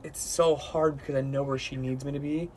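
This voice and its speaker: A man appearing as a podcast guest in casual chat, candid and reflective, often trailing off softly. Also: mid-range voice, steady tone, brisk, a little hiss or hum.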